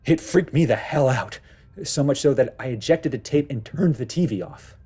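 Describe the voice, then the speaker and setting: A man's voice: medium pitch, moderate pace, dark tone, breathy edge. A man narrating his own first-person horror story in a tense, dramatic way.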